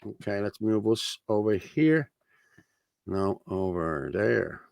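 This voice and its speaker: A man's voice: lowish voice, lively intonation, slow, vocal fry, a little mellow, no echo. A man with a Dublin accent hosting a casual livestream, talking bluntly and reading out viewer comments. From Ireland. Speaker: host.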